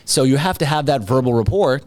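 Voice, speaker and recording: A man at an ordinary mid pitch speaks as a guest on an interview podcast. He drives his points home with confidence and punchy repetition. The delivery is casual but insistent. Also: expressive, fairly quick. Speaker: podcast guest, real estate agent. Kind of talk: conversational interview.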